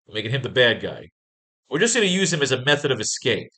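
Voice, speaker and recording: With a medium-pitched voice that's very animated, quick, pushed and bright, a man plans comic pages for a writing class. He reads the panels aloud and swears constantly in his casual delivery.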